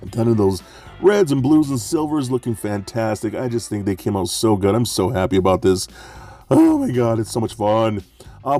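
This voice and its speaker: Gushing man reviewing toys. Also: on the low side. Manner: excited and gushing, with many fillers and restarts. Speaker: toy reviewer. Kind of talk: enthusiastic toy review.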